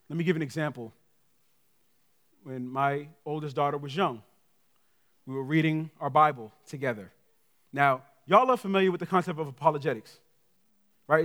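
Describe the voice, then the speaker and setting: A middle-aged male guest pastor preaching a sermon in a church, colloquial and conversational, swinging from loud emphasis to hushed asides. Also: on the high side. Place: church sanctuary.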